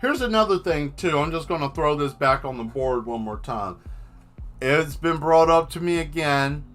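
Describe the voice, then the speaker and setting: A man's voice: a little high, animated, moderate pace, fairly bright tone, faint music behind. A man hosting a painting livestream, chatting casually with viewers in a rambling, joking way. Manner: rambling, joking, answers the chat.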